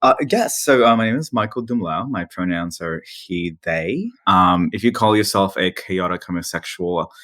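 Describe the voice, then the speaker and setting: Male guest, Australian accent, lowish voice, playful, dry sound. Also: fairly bright tone, no echo. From Philippines, raised in Australia. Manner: playful, chatty, quick to laugh. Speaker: author and guest. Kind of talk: casual podcast interview.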